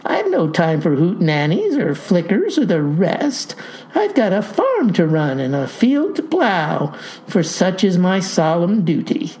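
A woman's voice: on the low side, wildly swooping pitch, measured pace, dark tone. A woman voicing an eccentric older male farmer who talks in a breezy, folksy and innocent-sounding way.

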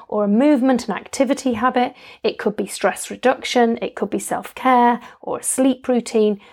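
A chatty woman with a slightly high voice hosts her own health coaching podcast. She explains each step in an upbeat, instructive tone and fills her pauses with ums. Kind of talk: solo podcast coaching talk.

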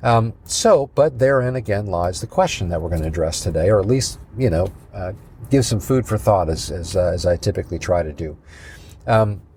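A man teaching a Bible prophecy study as a pastor, measured and thinking aloud with many fillers and restarts. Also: low voice, lively intonation, a little mellow, a little hiss or hum.

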